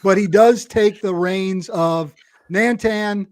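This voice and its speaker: A man hosting a podcast, chatty and quick to laugh, who introduces his guest in long run-on sentences. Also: sits high, dry recording. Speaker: podcast host. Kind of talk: casual podcast chat.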